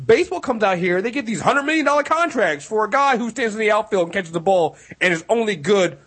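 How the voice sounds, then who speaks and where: A man with a high, husky voice talks in a casual podcast chat. His pitch swings a lot, and he rambles and restarts as he swears his way through his points. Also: animated, a bit bright. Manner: rambling, halting restarts, profane. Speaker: podcast co-host.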